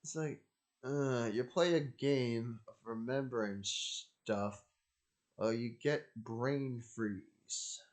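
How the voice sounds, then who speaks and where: Slow-talking, rambling male host. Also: mid-range voice. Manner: repetitive, jokey, digressive. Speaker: channel host. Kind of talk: casual rambling solo talk.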